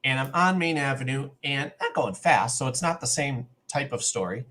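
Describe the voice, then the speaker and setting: A man's voice: mid-range voice, animated, normal speed, pushed and bright. A middle-aged man telling a long personal story on a podcast, acting out the other people's lines as he goes. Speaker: podcast co-host. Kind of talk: casual storytelling.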